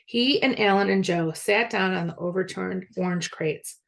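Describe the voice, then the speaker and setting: A school media specialist, a woman, reading a children's novel aloud in clear storybook narration. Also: medium pitch, normal speed.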